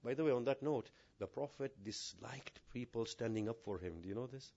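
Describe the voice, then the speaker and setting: A man preaching a sermon to a mosque congregation, asking rhetorical questions and swinging between hushed and raised delivery. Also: mid-range voice, fairly quick, vocal fry, highs cut off. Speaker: maulana.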